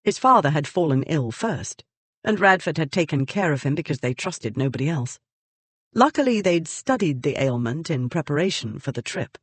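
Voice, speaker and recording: Audiobook narrator, measured, even, mid pitch, dry close sound. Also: no room sound. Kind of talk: scripted narration.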